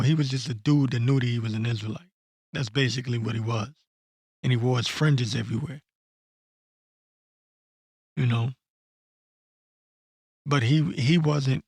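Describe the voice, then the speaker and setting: A man ranting bluntly and profanely in an unscripted commentary, stopping to read verses slowly and correct himself. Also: mid-range voice, gravelly, breathy edge, no echo. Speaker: online commentator. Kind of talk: blunt unscripted rant with scripture reading.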